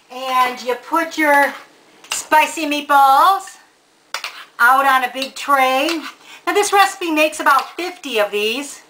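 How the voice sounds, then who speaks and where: A woman's voice: sits high, takes it slowly, sharp tone, a little hiss or hum, poor audio. A woman giving a casual cooking demonstration in a home kitchen, chatty and homey, talking straight to the viewer. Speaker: home cook presenting a recipe.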